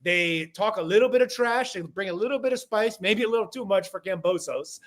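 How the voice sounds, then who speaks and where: Male co-host, high bright voice, jokey boxing chat over a call. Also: a little fast. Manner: jokey, rambling opinions. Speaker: podcast co-host. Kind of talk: casual boxing podcast chat. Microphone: remote call.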